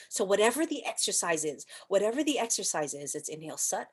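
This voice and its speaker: A woman teaching a yoga class online, chatty and playful, asking rhetorical questions and at times softly chanting. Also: mid-range voice, expressive, normal speed, few pauses. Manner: soft chanting and whispering at times.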